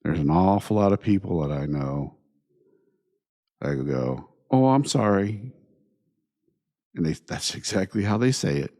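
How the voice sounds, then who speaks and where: Male podcast host, dark and mellow voice, reflective solo talk that circles back through rhetorical questions. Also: rumbling low, lively intonation. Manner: unhurried, repeats points with rhetorical questions. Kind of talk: reflective monologue.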